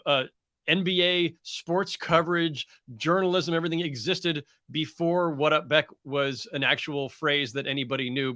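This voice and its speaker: A middle-aged man, a guest reporter, speaking in a measured, thoughtful and conversational way in an interview. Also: medium pitch, pushed and bright, dry recording, studio quality. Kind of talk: podcast interview.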